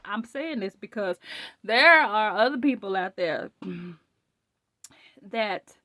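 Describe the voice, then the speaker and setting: A woman hosting her own channel, sharing a spoken faith testimony in a rambling, animated way with many restarts. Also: medium pitch, slow pace, a little hiss or hum.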